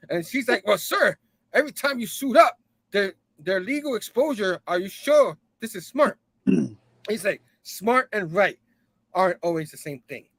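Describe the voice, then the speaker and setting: A man hosts a loose comic book recap, paraphrasing the dialogue instead of reading it and breaking into laughs as he goes. His voice sits high and bright. The sound is dry and close, with no room around it. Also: dry recording. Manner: laughs often, repeats "you know what I mean"; loosely acts out characters' lines. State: hot and sipping a drink. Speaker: comic book review host.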